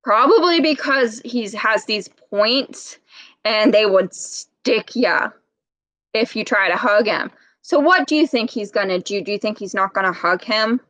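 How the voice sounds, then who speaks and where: A woman's voice: mid-range voice, lively intonation, unhurried, a bit bright, dry recording. A woman, a speech therapist, reads a picture book to young children and keeps asking them questions. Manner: patient, questioning, teacher-like. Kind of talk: interactive read-aloud lesson.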